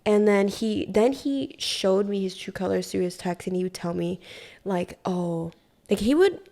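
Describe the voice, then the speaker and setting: A young woman from Hawaii, a podcast guest, telling a story in casual, profane, animated talk full of "like". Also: mid-range voice, unhurried, gravelly. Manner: profane, animated, heavy use of "like".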